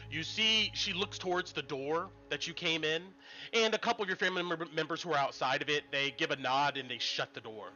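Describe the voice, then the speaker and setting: A man narrating a tabletop game as game master, in a relaxed storytelling manner with frequent ums. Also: a little high, moderate pace, soft background music. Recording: muffled lo-fi stream audio.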